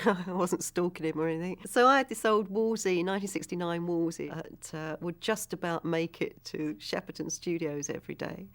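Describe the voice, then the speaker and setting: A woman in an interview telling a funny story in a chatty way, often laughing. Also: lowish voice. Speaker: actress interviewee. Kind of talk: anecdotal interview.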